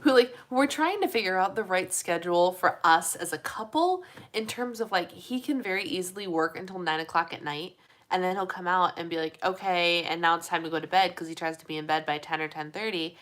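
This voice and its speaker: A woman's voice: fairly low pitch, a little fast. Chatty young woman on a live stream. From United States. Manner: chatty, rambling, laughs often, reads out viewer comments. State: tired voice. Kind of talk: casual live stream chat with viewers.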